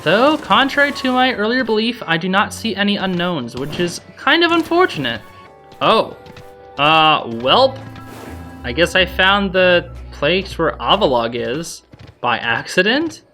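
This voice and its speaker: Young let's-play host, chatty and excitable, bright voice, talks to the game creatures, light music under it. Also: medium pitch, a little slow. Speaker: gaming channel host. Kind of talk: blind let's-play commentary.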